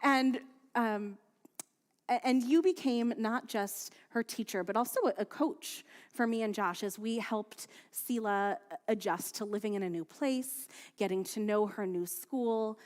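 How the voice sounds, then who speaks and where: A woman rabbi leading prayers and giving a sermon, reading at a steady, measured pace and telling stories in a chatty, lively way with fillers. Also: mid-range voice. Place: synagogue sanctuary. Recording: long hall reverb from a livestreamed service.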